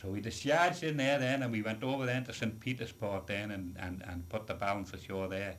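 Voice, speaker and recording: A man's voice: on the low side, fairly even intonation, fairly quick, fairly bright tone. An older man recalls voyages at sea in an oral history interview. He rambles and restarts, tossing in "you see" asides. Faint background noise sits under the voice. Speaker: retired sailor telling of voyages.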